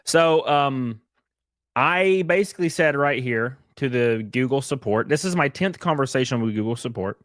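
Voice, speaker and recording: A man's voice: medium pitch, expressive, moderate pace, fairly bright tone, dry recording, studio quality. A man with a Southern accent, recounting his grievances in an online video. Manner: aggrieved storytelling, recounting complaints. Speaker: content creator.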